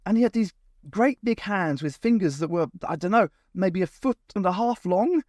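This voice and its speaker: Man voicing a jittery teenage boy, halting and unsure, lifted pitch. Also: expressive, a little mellow, no echo, studio quality. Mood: nervous. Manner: hesitant, trailing off.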